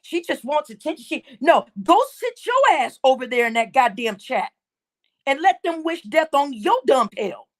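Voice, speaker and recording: A high-voiced woman hosts a livestream and rants in heated indignation at her viewers. She scolds them and stacks up repeated phrases as she hammers each point home. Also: very animated, measured pace, fairly bright tone. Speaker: livestream host.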